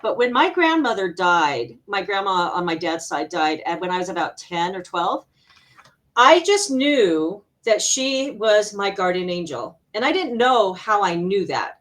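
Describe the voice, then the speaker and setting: A middle-aged woman from Arizona, an interview guest and healer, telling personal stories in a casual, animated way with frequent laughter. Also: mid-range voice. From Arizona, USA.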